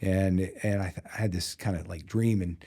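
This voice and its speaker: Low, mellow-voiced man telling a story. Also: normal speed. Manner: animated storyteller acting out dialogue with lots of fillers. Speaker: podcast guest, physical therapy company CEO. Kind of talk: casual storytelling interview.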